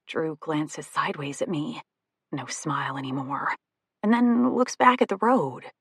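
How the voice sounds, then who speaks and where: A woman reading a first-person romantic comedy audiobook, expressive and comic in the dialogue. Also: deep voice, measured pace, husky, dry recording, studio quality. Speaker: audiobook narrator.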